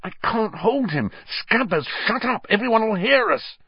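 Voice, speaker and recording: A man's voice: sits high, lively intonation, moderate pace, vocal fry, slightly rough, no echo, muffled recording, pitched above the performer's own voice, exaggerated voice. A man voicing a flustered teenage schoolboy in an audiobook, raised and exasperated.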